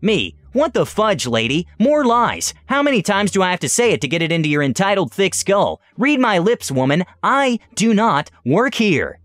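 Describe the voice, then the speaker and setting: A man's voice: sits high, sing-song, normal speed, hardly any pauses, fairly bright tone, pitched above the performer's own voice. A man voicing a fed-up shopper who keeps insisting he is not an employee, with emphatic, exasperated retorts. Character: fed-up large man shopper, non-confrontational but angry.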